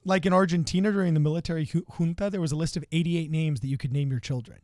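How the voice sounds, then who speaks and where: A man's voice: on the high side, rapid-fire, a little mellow, no echo, clean studio sound. A man co-hosting a casual political podcast, chatty and storytelling, dropping in Spanish phrases. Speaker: podcast co-host.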